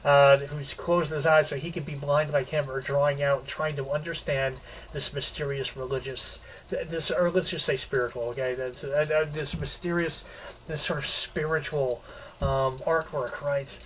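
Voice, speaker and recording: A man with a somewhat high voice talks through a short story in a loose, casual recap. He stalls and restarts his phrases often, circling back as he explains. Faint background noise sits under his voice. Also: fairly even intonation, a bit bright, recorded from a distance, poor audio. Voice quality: halting, rambling, restarts mid-phrase.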